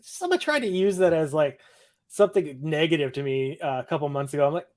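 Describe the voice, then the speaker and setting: A man's voice: fairly high pitch, animated, fast talker, a little mellow. A young man from Ohio co-hosting a podcast, casually recapping a TV episode in a blunt, laid-back way, swearing and laughing often. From Ohio, USA. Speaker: podcast co-host.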